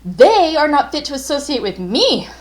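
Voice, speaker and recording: A woman's voice: on the high side, normal speed, a little mellow, lightly acted. A woman reading aloud, voicing a defiant young girl who speaks out boldly and indignantly.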